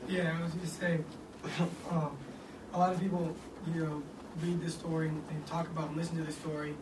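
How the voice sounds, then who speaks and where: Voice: mid-range voice, level tone, a little fast. A member of a small group making a point in casual chat, recorded from far off. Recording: far-off mic in a roomy, noisy space.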